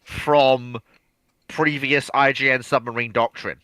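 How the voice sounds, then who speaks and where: A man's voice: medium pitch, steady tone, slow pace, sharp tone, no room sound, poor audio. A man co-hosting a live history Q&A, explaining earnestly and repeating words as he gets going. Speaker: co-host. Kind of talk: casual live Q&A chat.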